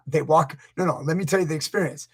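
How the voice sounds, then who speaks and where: Man, grappling coach, casual live chat, rambling storyteller, husky. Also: fairly high pitch, fast. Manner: rambling, storytelling, acts out quotes. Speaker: grappling coach, channel host.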